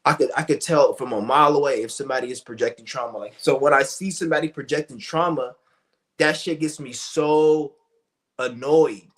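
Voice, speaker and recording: A man's voice: mid-range voice, brisk. A young man talking in a blunt, profane, rambling rant, full of restarts and fillers. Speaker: streamer. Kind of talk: ranting monologue.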